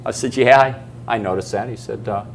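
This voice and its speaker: A man's voice: on the low side, a little fast, vocal fry, slight background noise. Emphatic man coaching a seminar audience. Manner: emphatic, asks the audience questions and acts out stories. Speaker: business coaching speaker. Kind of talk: live seminar talk to an audience.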